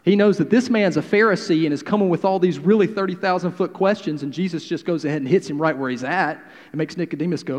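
Male pastor, sermon, slightly high voice, hushed to emphatic, long hall reverb. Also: fast, few pauses. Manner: swings from hushed to loud and emphatic.

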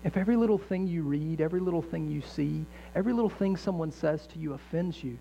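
Earnest pastor, dull lo-fi sound. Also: male voice, on the high side, fast talker, vocal fry, hardly any pauses, mellow. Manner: earnest, conversational preaching with jokes and acted-out inner voices. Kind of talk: sermon. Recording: dull lo-fi sound with faint mains hum.

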